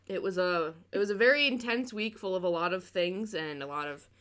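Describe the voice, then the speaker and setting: A young woman from the American Midwest chats casually as a podcast co-host. Her voice is bright and a little sharp at the edges. She tells stories with giggly, excitable enthusiasm. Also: on the low side, a little fast. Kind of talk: casual chat.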